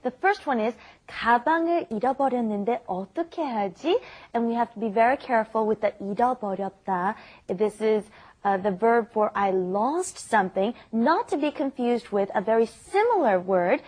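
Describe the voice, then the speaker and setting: A woman's voice: a little high, a little mellow. A woman hosting a casual language lesson, explaining expressions in a friendly way and laughing often. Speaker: language teacher host.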